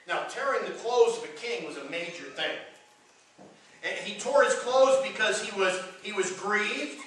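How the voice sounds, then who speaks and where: Bright-voiced preacher in an echoing hall. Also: male voice, sits high, animated, moderate pace, a little hiss or hum. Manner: retells scripture with dramatized quotes. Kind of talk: sermon. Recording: echoey hall from far off.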